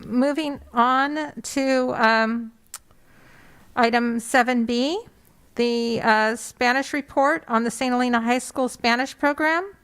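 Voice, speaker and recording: High, smooth-voiced woman chairing a board meeting. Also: slow pace, a bit bright. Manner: formal and procedural.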